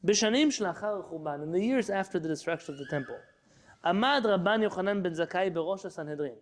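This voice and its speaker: A man's voice: high-pitched, animated, quick pace. A man teaching a class to students in a room, reading Hebrew passages aloud and then translating and explaining them. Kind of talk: lecture class.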